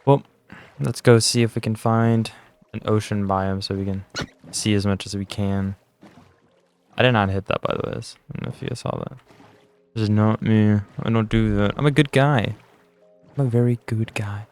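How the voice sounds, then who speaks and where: A man's voice: lowish voice, steady tone, moderate pace, pauses often, a little mellow, clear, resonant tone, soft background music. A tired young man chatting casually while playing a game, rambling and self-deprecating. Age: young adult. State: tired, yawning. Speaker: gaming channel host. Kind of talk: casual gameplay commentary.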